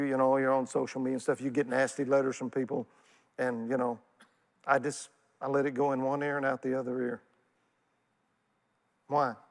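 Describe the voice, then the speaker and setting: A man with a Texan accent preaching a sermon as pastor, folksy and animated, calling on the congregation to answer back. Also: medium pitch. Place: church sanctuary. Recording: church hall reverb.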